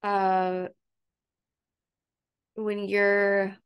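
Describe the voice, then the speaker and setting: A woman who hosts a self-help group talks casually to her viewers. She wanders through a story she has read, restarting her sentences and filling pauses as she goes. Her mid-range voice carries a noticeable gravelly vocal fry. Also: mid-range voice, fairly even intonation. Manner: chatty and meandering, with fillers and restarts. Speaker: self-help coach and host. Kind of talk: casual retelling of a book story to an online group.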